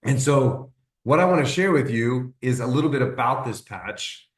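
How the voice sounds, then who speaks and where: Animated man telling a personal story, roomy sound. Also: medium pitch, normal speed, distant mic. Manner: animated storyteller acting out quoted dialogue. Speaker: presenter on an informational call.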